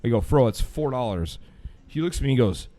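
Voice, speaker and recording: A man's voice: medium pitch, brisk. A Midwestern American man, a bartender guest on a podcast, telling anecdotes in casual comedic chat and acting out quotes. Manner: animated anecdote teller, acts out quotes.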